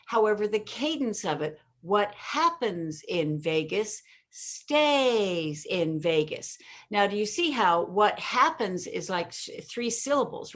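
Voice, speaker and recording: A woman being interviewed, telling stories with energy and emphasis and laughing at her own jokes. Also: medium pitch. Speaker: interview guest, communication expert. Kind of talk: conversational interview.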